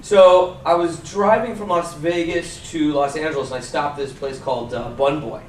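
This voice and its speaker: A man, an actor on a convention panel, telling casual anecdotes with lively impressions of fans. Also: normal speed, slight background noise. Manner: animated storyteller, mimics fans in high voice. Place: convention hall. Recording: roomy hall, distant mic, faint ambience.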